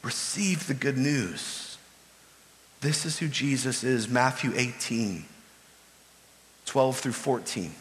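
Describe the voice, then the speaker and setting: A man's voice: mid-range voice, takes it slowly, pauses often, big-room sound. A man preaching a sermon as pastor, earnest, building to urgent pleading.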